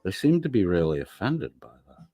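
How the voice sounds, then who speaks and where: A deep-voiced man chats on a live stream, reading viewer comments aloud and firing back at them. He rambles and swears freely in a loose, offhand way. His laptop mic picks him up dry, with no room sound. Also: big pitch swings, brisk, warm tone, no echo, faint music behind. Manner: rambling, profane, talks back to chat. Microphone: laptop microphone.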